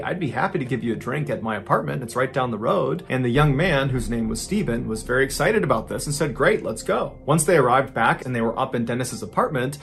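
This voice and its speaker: A man hosts a true-crime storytelling podcast, recounting events in a relaxed, conversational manner. His voice sits at an ordinary middle pitch, and he steadily builds suspense as he goes. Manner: casual, conversational retelling with dramatic build. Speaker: podcast host.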